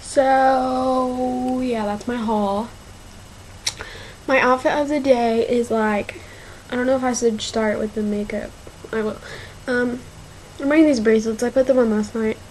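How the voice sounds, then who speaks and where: A woman's voice: on the high side, fairly even intonation, darkish tone, slight background noise, rough recording. A young woman in her teens rambling through a casual shopping haul video, with lots of fillers and y'all. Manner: slow, rambling, filler-heavy, says y'all. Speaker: vlogger.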